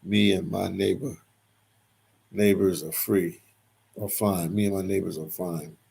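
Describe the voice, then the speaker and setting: A man's voice: sits low, steady tone, a little slow, gravelly, a little mellow, husky. A man hosting a casual livestream, reading viewers' comments aloud and answering them, often repeating his phrases.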